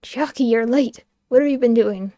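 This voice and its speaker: A woman's voice: a little high, normal speed, mellow, no room sound, natural voice. A woman voicing a brusque, impatient man in a game playthrough.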